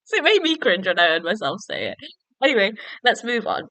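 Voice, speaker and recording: A woman's voice: medium pitch, very animated, fairly quick, fairly bright tone, dry recording. A young woman hosting a solo book-review podcast, chatting in a rambling, self-deprecating way with giggly asides. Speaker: podcast host.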